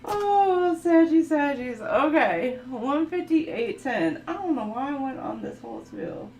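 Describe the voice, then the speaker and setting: A woman giving a casual tarot reading, full of laughter and animated asides. Her pitch rises and falls a lot while she talks at a slow, easy pace. The room around her gives an echo. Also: creaky, a little hiss or hum. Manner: chatty, laughs often, animated storyteller. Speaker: tarot reader. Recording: echoey room.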